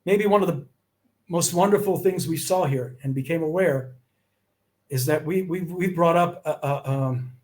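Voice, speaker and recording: A man's voice: on the high side, normal speed. A middle-aged man from the USA, telling anecdotes as an interview guest and acting out the dialogue. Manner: animated, acts out dialogue in his anecdotes. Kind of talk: storytelling in conversation.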